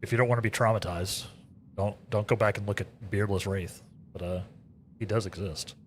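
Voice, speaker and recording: A man's voice: lowish voice, steady tone, fairly quick, a little hiss or hum. A man streaming a game, chatting casually with his viewers, rambling and repeating himself as he talks. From United States. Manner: rambling, repeats words, chatty asides to chat. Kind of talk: casual chat with live chat while gaming.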